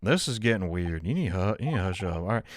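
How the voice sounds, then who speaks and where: A man's voice: deep voice, very animated, quick pace. A man hosting a game playthrough, reading the characters aloud and making joking, self-mocking asides. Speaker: let's play host. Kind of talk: voicing characters while playing a game.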